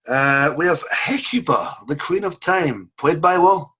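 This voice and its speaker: A man's voice: on the high side, unhurried, pushed and bright, slightly rough. A man hosting a casual review chat over a video call, jokey and chummy, calling his guests mate. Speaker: podcast host.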